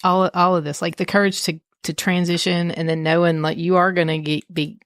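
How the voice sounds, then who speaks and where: A woman's voice: lowish voice, little pitch movement, brisk, dry recording, clean studio sound. A woman co-hosting a podcast, asking long, rambling questions in a casual, conversational way. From Tennessee. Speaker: podcast co-host. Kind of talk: casual interview chat.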